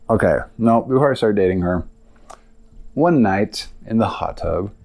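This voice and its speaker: Young male podcast host, lowish voice, loose rambling storyteller. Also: a little mellow, clean tone. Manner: rambling, casual, lots of filler and asides. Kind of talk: personal storytelling monologue.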